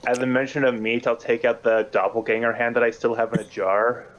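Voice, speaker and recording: A man's voice: medium pitch, flat delivery, brisk, dull audio. Matter-of-fact male tabletop player. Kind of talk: casual tabletop play.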